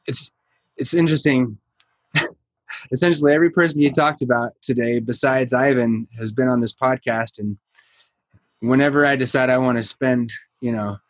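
An easygoing man hosting a podcast, chatting casually and laughing often with his guest. His voice sits at a middling pitch. It is recorded dry and close, with no room echo. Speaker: podcast host. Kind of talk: casual chat.

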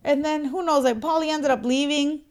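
A woman telling a funny story in a casual chat, animated and laughing, acting out what people said. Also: sits high, fairly quick. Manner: animated, laughing, acts out quotes.

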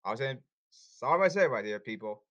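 A man's voice: medium pitch, expressive, fast talker, fairly bright tone, dull audio. A man hosting a podcast, delivering an agitated, repetitive, scolding rant. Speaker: podcast host. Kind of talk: ranting podcast monologue.

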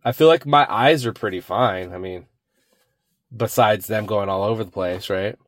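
A young man rambles through a solo podcast episode. His voice sits a little low, and he talks in a loose, self-mocking way. The recording is dry and close, with no room sound. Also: moderate pace, no echo. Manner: rambling, self-mocking, says "dude" a lot. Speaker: podcast host.

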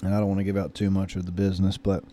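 A man's voice: low voice, completely flat delivery, very fast, mellow, slight background noise. A man in his thirties casually telling a story, rambling and hesitant with many fillers and restarts. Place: lives in Florida.

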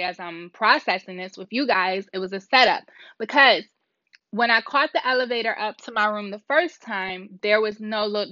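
A woman's voice: medium pitch, no echo. A woman vlogger casually telling a story to her viewers, rambling and acting out the dialogue. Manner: animated, rambling, acts out dialogue. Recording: dull lo-fi sound.

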